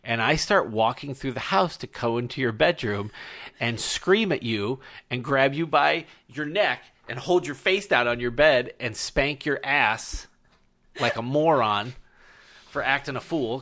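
A man in his thirties hosts a podcast and tells a long family story in loose, swearing, emphatic chat. His voice is bright and forceful, pitched at an ordinary middle height. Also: moderate pace. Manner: profane, animated, emphatic storytelling. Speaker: podcast host.

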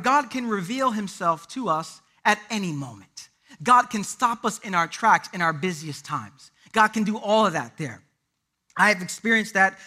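A man's voice: sits high, bright, forceful tone. A man preaching a sermon as lead pastor, building points through emphatic repetition and slipping into a chatty storytelling tone.

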